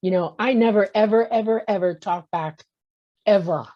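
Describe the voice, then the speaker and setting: In muffled lo-fi audio with a little hiss or hum, a woman in her sixties tells a talk show audience a personal story. She speaks at a moderate pace in a mid-range voice, acting out voices and often saying "okay?".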